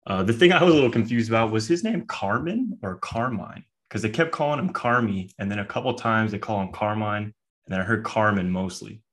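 A man's voice: lowish voice, fast, fairly bright tone. A man co-hosting a podcast, talking in a laid-back, chatty way with lots of casual filler. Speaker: podcast co-host. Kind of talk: casual chat.

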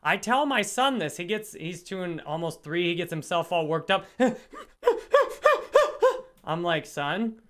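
A man's voice: high-pitched, normal speed, few pauses, a bit bright. A man hosting a casual livestream book discussion, talking earnestly and greeting viewers in the chat. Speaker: livestream host.

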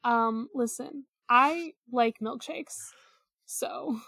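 High-pitched female co-host, rambling and hesitant, dry close recording. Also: very slow, gravelly, pushed and bright, breathy edge, no room sound. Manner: rambling, hesitant, many fillers. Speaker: podcast co-host. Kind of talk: casual podcast chat.

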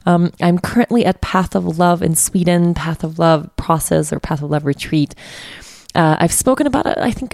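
A woman hosting her podcast late at night, exhausted and giggly, rambling with many restarts from a quiet room. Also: lowish voice, vocal fry, no room sound, studio quality. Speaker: podcast host. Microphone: studio mic set up in room.

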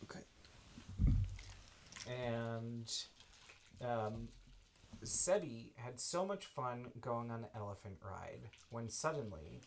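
Man telling a made-up bedtime story, slow, gentle, unhurried pauses. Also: mid-range voice, creaky, slight background noise. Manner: slow, gentle, makes it up as he goes.

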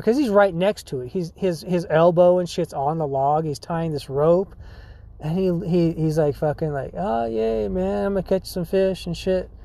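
A man's voice: on the high side, dark tone, no echo. A man hosting a podcast, telling a story in a rambling casual way with lots of likes, dudes and swearing, often laughing. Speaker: podcast host.

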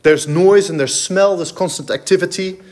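A man's voice: high-pitched, moderate pace, a little mellow. A man preaching a sermon in a church, emphatic and explanatory, with frequent fillers and restarts. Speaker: pastor.

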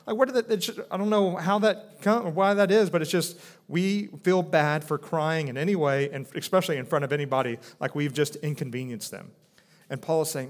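A man's voice: on the high side, normal speed. A man in his thirties, a pastor, preaching in an earnest, conversational way with many restarts. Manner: earnest, conversational, with frequent restarts and a soft drop for quoted speech. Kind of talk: sermon.

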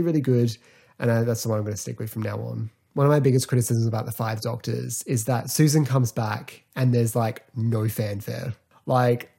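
Mellow-voiced chatty man. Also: mid-range voice, slightly rough. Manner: chatty, rambling, lots of "like" and "um". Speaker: podcast host. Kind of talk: casual podcast review.

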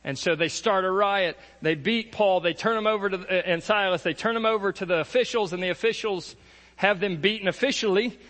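A man's voice: high-pitched, fairly quick, a bit bright, in a large hall. A man preaching a sermon, retelling Bible stories in a casual, conversational way and acting out the quotes. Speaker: pastor.

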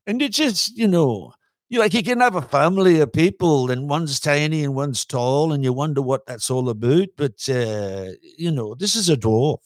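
A man tells a pub yarn as a podcast host. He rambles through fillers and swears freely. His voice sits fairly high and sounds dry and close. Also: animated, moderate pace, no echo. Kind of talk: casual pub storytelling.

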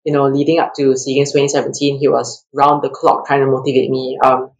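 A woman from Singapore, a track athlete guest telling stories in a casual interview. She is animated and laughs often, and her pitch jumps up when she acts out quotes. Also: fairly quick, low-quality recording.

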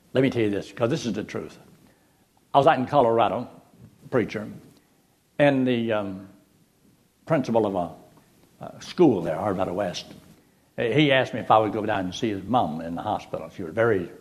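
Older guy preaching, folksy jokey stories, really animated up-and-down voice. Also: fairly low pitch. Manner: folksy, animated storyteller with jokes. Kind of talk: sermon with storytelling.

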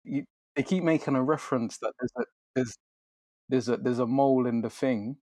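A man chats casually in a mid-pitched voice, teasing his friends and restarting sentences. The recording is dry, with no room sound. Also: normal speed, a little mellow, no echo. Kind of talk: casual chat.

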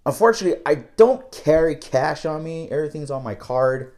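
A man's voice: fairly high pitch, lively intonation, fairly quick, darkish tone. Candid, rambling young man with island lilt. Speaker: night-shift worker. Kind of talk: casual storytelling.

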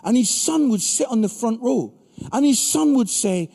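A middle-aged man preaches to a crowd in a big hall, mixing jokes and stories into his sermon. His voice sits high and swings widely in pitch, and the room's long reverb trails after each line. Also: normal speed. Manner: animated, punchy, acts out voices in stories. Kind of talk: humorous sermon storytelling. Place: large hall with live audience.

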